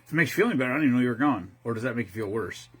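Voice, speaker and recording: Rambling, husky man in his fifties. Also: mid-range voice, animated, racing, a bit bright. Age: 50s. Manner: rambling and profane, with frequent restarts. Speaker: streamer host. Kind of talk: casual chat.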